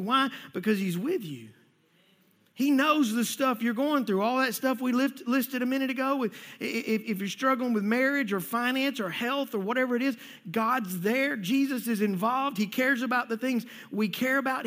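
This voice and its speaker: High-voiced pastor preaching in an echoey hall. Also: male voice, animated, normal speed, a bit bright. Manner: conversational, repeats words, asks the congregation questions. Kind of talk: sermon.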